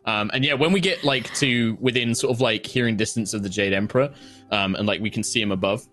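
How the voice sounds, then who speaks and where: A man's voice: fairly low pitch, a little fast, soft background music. A man describing his character's actions in a tabletop role-play, chatty with many fillers. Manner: chatty, lively, many likes and ums. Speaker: player.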